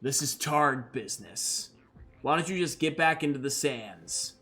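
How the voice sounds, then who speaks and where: A man voicing a surly gang guard who gives low, curt, threatening warnings in a tabletop game. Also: animated, a little slow, pushed and bright. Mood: menacing.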